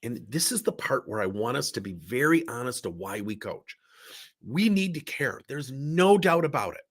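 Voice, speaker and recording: A man's voice: medium pitch, sing-song, moderate pace. A man coaching in a recorded workshop talk, sick with a strained voice, speaking in an emphatic, candid way while seated indoors. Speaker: business coach.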